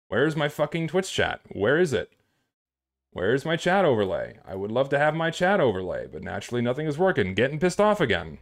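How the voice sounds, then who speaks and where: A man's voice: medium pitch, sing-song, fairly quick. Muttering, foul-mouthed male streamer. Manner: swears often, mutters to himself while fiddling with settings. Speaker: livestreamer. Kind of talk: live stream chatter.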